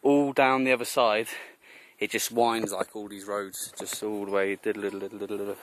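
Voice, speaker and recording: A man's voice: lowish voice, measured pace, a little hiss or hum, rough recording. A young man chatting casually to a camera outdoors while on a cycling trip, rambling and laughing as he goes. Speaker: cycle tourer. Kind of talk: casual travel vlog. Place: outdoors on a mountain road.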